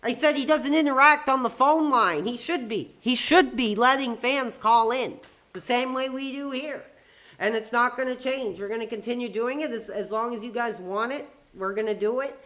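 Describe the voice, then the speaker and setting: A woman's voice: a little high, moderate pace, bright, forceful tone. A woman hosting a live stream with fan call-ins, talking in a heated, ranting way with frequent swearing. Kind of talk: live-stream chat with fans.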